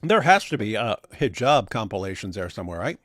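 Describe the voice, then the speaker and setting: A man's voice: lowish voice, big pitch swings, fairly quick, fairly bright tone, no echo. Middle-aged male stream host, blunt and sarcastic, dry close mic. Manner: blunt, sarcastic, reads viewer chat aloud. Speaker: livestream host. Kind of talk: casual live-stream chat.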